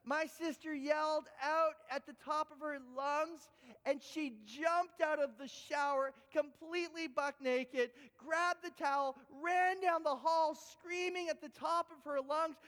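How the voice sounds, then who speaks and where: High-voiced animated man preaching in a hall. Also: measured pace. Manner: animated storytelling with big pitch swings. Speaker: pastor. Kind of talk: sermon with personal story. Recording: echoey hall with long reverb.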